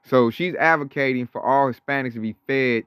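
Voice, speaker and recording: A man's voice: mid-range voice, moderate pace, fairly bright tone, clear, resonant tone, no echo, clean studio sound. A man co-hosting casual religious commentary in a blunt, rambling, slangy way. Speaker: co-host.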